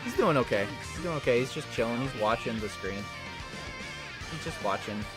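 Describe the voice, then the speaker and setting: Here the gaming streamer has a medium-pitched, expressive voice at a moderate pace, casually chatting to viewers and pets with frequent laughter. A faint guitar track plays underneath.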